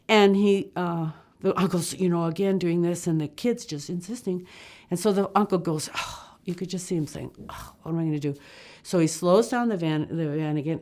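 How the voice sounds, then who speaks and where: A woman telling a personal travel story in a lively way, acting out other people's voices and laughing often. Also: fairly low pitch.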